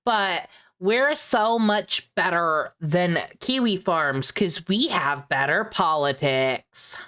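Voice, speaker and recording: Young woman streamer, lowish voice, mocking sarcastic commentary with mock concern. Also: lively intonation, slow pace, a bit bright. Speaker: streamer reacting to videos.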